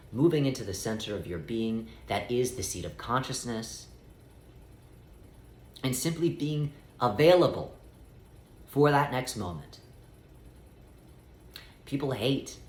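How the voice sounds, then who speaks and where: Man giving slow spiritual guidance. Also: medium pitch, roomy sound. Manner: measured, speaks as "we", slows to stretch key phrases. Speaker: spiritual teacher.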